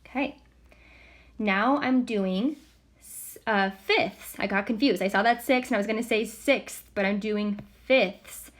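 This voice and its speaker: Slow, patient woman teaching a lesson. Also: medium pitch. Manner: slow, patient, counts aloud softly. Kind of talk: recorded math lesson, step by step.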